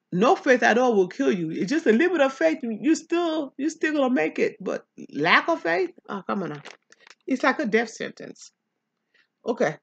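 A woman pastor reading a Bible chapter aloud and explaining it, talking back to the text in an animated preaching manner. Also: a little high, gravelly, breathy edge, lo-fi sound.

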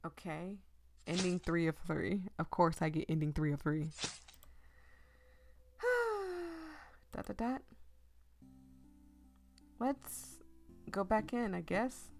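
A hoarse woman giving casual, self-deprecating commentary while reading a visual novel game aloud. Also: lowish voice, measured pace, long pauses, over music. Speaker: gaming video creator.

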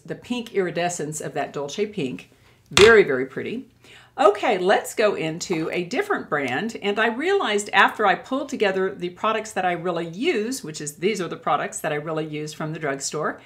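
An older woman chatting to camera as a beauty vlogger, gushing as she reviews products she loves. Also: lowish voice. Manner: warm and gushing, with many admiring exclamations.

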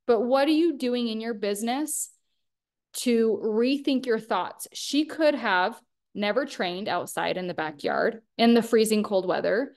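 A woman's voice: fairly high pitch, a little slow, a little mellow. A woman in her thirties giving an earnest motivational talk to a small group, coaching them and asking them questions. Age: 30s. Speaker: workshop speaker.

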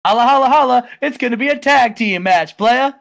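A man's voice: very high voice, a little fast, gravelly, a bit bright, pitched above the performer's own voice, exaggerated voice. A man voicing a showy male wrestling official who repeats slang catchphrases. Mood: hyped. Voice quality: slangy, sing-song catchphrases. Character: jive-talking male wrestling official, showman.

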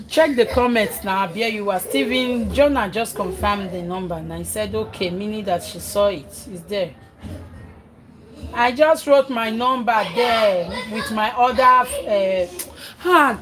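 A woman's voice: medium pitch, unhurried, crowd noise, low-quality recording. Chatty Nigerian woman vlogging from her kitchen. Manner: chatty, reads comments aloud, scolds her children between remarks. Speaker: vlogger and mother. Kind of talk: casual cooking livestream chat.

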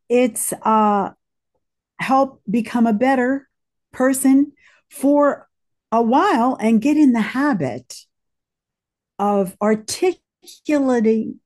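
A woman cohosting a casual faith chat, speaking slowly and deliberately with short laughs. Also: on the high side, warm tone. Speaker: cohost, hairdresser.

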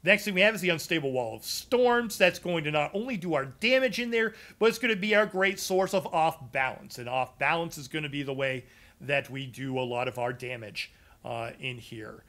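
A man's voice: on the high side, lively intonation, normal speed, pushed and bright. A man streaming a casual game build walkthrough to his live chat, loose and chatty with lots of ums and uhs. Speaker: gaming streamer explaining a character build.

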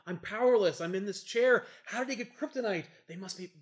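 A man's voice: sits high, fairly quick, voice pushed up, natural voice. A man voicing a determined superhero, talking through his thoughts in a plain, earnest way. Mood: anxious. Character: determined superhero, man, realizing things aloud.

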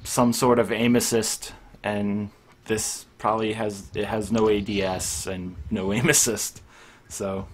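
Easygoing young podcast host. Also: male voice, on the low side, little pitch movement, a little slow, slight background noise. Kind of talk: casual gaming chat.

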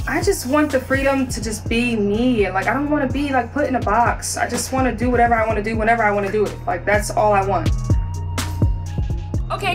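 Chatty woman with a raised voice. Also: on the high side. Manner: chatty, leans heavily on "like" fillers; playful, teasing. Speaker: musician and entertainer. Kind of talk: casual vlog talk to camera. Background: music playing.

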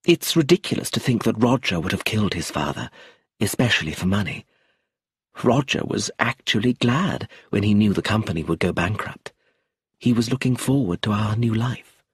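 A man voicing a calm, cool woman in a storybook reading. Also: fairly low pitch, breathy edge, no echo, studio quality. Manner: calm, measured.

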